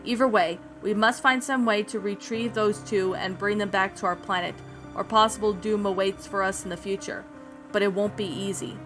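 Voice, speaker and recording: A woman's voice: medium pitch, normal speed, music in the background, lightly acted. A woman voicing a serious, grim teenage boy who leads a secret team. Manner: grim, calm, planning.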